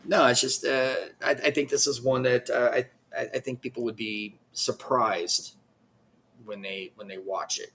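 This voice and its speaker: A man co-hosting a casual podcast, talking haltingly with lots of stops and restarts. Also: medium pitch, fairly even intonation, a bit bright, a little hiss or hum. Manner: halting, many fillers and restarts. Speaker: podcast co-host.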